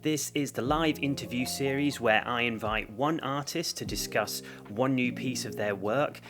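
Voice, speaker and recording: A man's voice: medium pitch, moderate pace. A man from London with an English accent hosts an art show in a rambling, self-mocking way full of jokey asides. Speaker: host. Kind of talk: casual scripted intro monologue. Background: guitar music.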